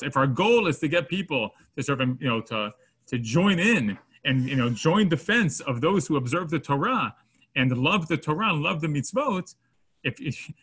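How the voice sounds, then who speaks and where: With a medium-pitched, breathy-edged voice, a man teaches students a Torah class in English laced with Hebrew terms. He's animated, staging everyday scenarios and performing the quoted voices himself.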